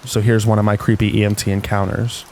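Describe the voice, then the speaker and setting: A man reading stories aloud in calm, unhurried scripted narration meant for falling asleep. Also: fairly low pitch. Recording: faint rain noise behind.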